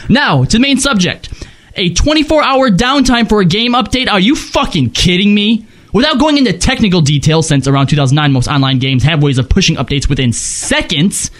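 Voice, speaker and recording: A man's voice: high voice, animated, a little fast, fairly bright tone. A man co-hosting a casual gaming podcast, profane and joking as he reads patch notes and listener emails. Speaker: podcast co-host.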